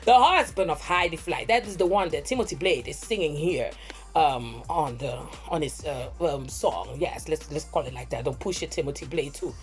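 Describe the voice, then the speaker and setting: A woman hosting a gossip reaction commentary, talking in a dramatic, theatrical way with drawn-out exclamations. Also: deep voice, faint music behind. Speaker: gossip reporter host.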